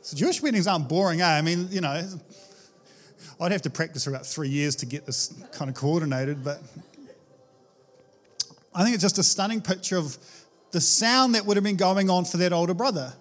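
A male preacher giving a casual, conversational sermon, animated and chatty, with frequent restarts. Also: a little high, normal speed, long pauses, soft background music.

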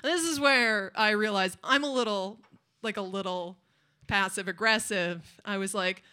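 A woman's voice: mid-range voice, expressive, a little slow, pushed and bright, clean tone. A woman telling a rambling, self-mocking comic story on stage at a live show, with chatty asides to the crowd.

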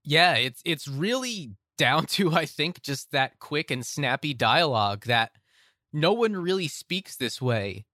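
A man's voice: fairly high pitch, big pitch swings, measured pace, pushed and bright, no echo, clean studio sound. A young man hosting a casual film podcast, talking with enthusiasm and often restarting his phrases. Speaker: podcast host.

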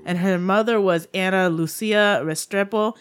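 A woman's voice: medium pitch, moderate pace, clear, resonant tone. Giggly woman, chatty podcast co-host. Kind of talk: casual chat, telling a true-crime story.

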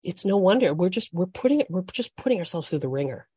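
Woman podcast host, low and mellow, frank casual advice, dry close sound. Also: animated, quick pace, husky, dry recording. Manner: frank, conversational, restarts and swears for emphasis.

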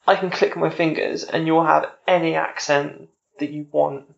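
A woman's voice: deep voice, fairly even intonation, moderate pace, gravelly, muffled recording. A woman hosting a casual podcast interview, joking and teasing her guest and swearing casually. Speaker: podcast host.

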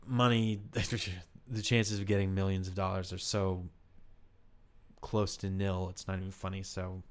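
A man's voice: deep voice, flat delivery, a little slow, clean tone. A man, an actor, telling a personal story in a casual interview, candid and rambling with lots of "like" fillers.

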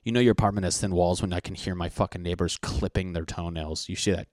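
A man's voice: sits low, fairly even intonation, fast talker, darkish tone. A man hosting a solo podcast from his apartment, rambling casually with heavy swearing and crude jokes. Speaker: podcast host.

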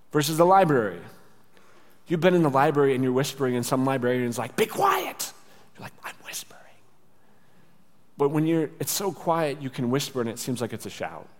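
A male pastor giving a conversational sermon, sometimes acting out little exchanges. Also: on the high side. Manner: conversational, with acted asides. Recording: church hall reverb.

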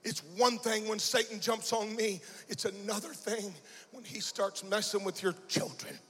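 A male pastor preaching a fervent sermon, storytelling and then shouting and chanting in bursts. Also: high-pitched, steady tone, normal speed, slightly rough. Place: large church sanctuary. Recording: church hall with long reverb.

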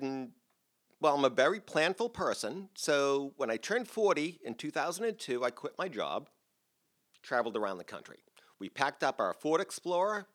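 Lively, bright-voiced older man telling a story. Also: medium pitch. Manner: chatty and self-deprecating, with laughs. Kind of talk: live stage storytelling. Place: theater stage before a live audience.

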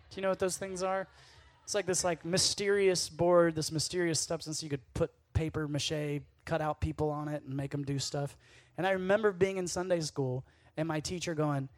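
A man giving a casual, conversational sermon at a youth camp, playful and quick to act out the lines he quotes. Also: a little high, no room sound.

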